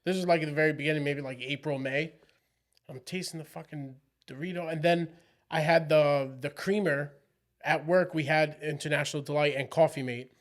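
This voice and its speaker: Man with a higher voice telling an offhand anecdote. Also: steady tone, brisk. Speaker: podcast guest. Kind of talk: casual chat.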